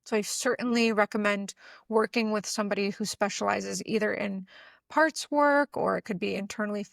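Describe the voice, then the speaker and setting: Calm, earnest woman podcaster, dry close sound. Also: medium pitch, vocal fry, dry recording. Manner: calm, earnest, soothing, unhurried with occasional swearing. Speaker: relationship coach. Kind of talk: reflective podcast monologue.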